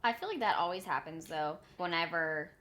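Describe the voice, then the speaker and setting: Heard through a remote call, this podcast co-host in her twenties talks at a normal speed in a fairly bright voice that sits on the low side. Her casual chat is blunt and self-deprecating, packed with profanity.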